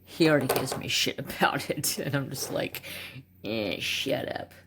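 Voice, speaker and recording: Gravelly man rambling over his crafts. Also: medium pitch, fairly even intonation, normal speed, very noisy. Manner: rambling, joking, with muttered asides. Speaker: craft channel host. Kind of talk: casual chat while swatching markers.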